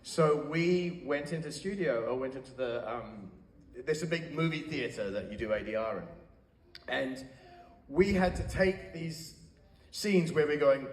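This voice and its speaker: A man from New Zealand telling stories as a panel guest at a convention, chatty and animated. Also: fairly high pitch, a little slow, slight background noise. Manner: chatty, animated storytelling with laughs. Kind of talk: casual anecdote. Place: large convention hall. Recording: echoey hall with faint ambience.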